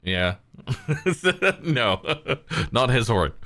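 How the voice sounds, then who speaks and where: A man narrating a live-streamed tabletop game as its game master, in a relaxed way and often chuckling. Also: mid-range voice, very slow, no room sound.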